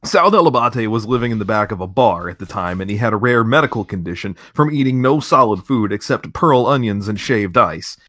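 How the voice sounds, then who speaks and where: Joking man with a lively, dry voice. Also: on the low side, a little fast, few pauses, no room sound. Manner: jokey, laughs often, mock announcer delivery. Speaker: podcast co-host. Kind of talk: comedy podcast banter.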